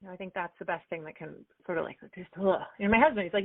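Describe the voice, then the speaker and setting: Middle-aged female coach, lively interview guest, dry narrow phone-quality audio. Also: fairly low pitch, racing, dry recording. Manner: animated, acts out quoted dialogue with fillers. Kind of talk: conversational interview answers. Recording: tinny phone-like line, dry.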